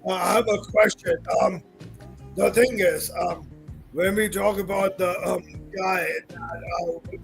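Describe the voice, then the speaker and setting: A gravelly-voiced man rants as a livestream caller, stumbling over his words before breaking into angry curses. His voice sits high for a man and has plenty of fry. Faint music plays underneath. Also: steady tone, a bit bright. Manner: halting and stumbling, then swearing angrily. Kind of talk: angry call-in rant.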